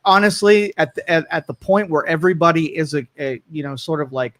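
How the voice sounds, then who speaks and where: A man's voice: fairly high pitch, steady tone, fairly quick, fairly bright tone, dry recording. A man co-hosting a talk radio show, opinionated and rambling, posing rhetorical questions. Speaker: co-host. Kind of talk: casual talk radio chat. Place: radio studio.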